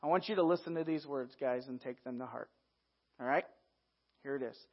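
A man preaching a sermon in a lively, conversational way, talking straight to his listeners as "guys". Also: medium pitch, a little fast. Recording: dull lo-fi recording.

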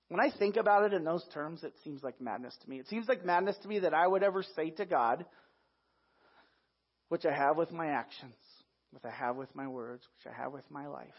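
A man with a somewhat high voice preaches in an easy, conversational manner, often turning to his listeners as "guys". His delivery stays lively and direct throughout. The recording sounds muffled and lo-fi. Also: fairly quick, breathy edge. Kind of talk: sermon. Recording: dull lo-fi recording.

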